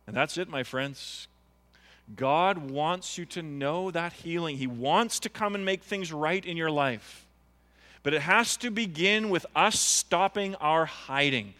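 Earnest preacher with ringing bright voice. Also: male voice, on the high side, unhurried, in a large hall. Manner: earnest, pleading, rising to impassioned appeals. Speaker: pastor. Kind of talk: sermon. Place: church.

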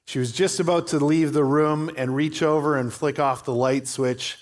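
A man's voice: fairly high pitch, steady tone, normal speed. A male pastor preaching a sermon in an earnest, storytelling manner.

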